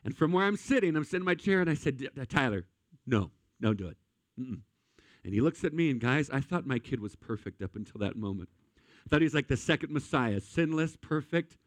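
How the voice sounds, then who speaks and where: A male pastor telling lively, funny stories during a sermon. His voice sits fairly high for a man and sounds close and dry. He moves quickly between jokes and earnest points. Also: no echo. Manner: animated comic storytelling.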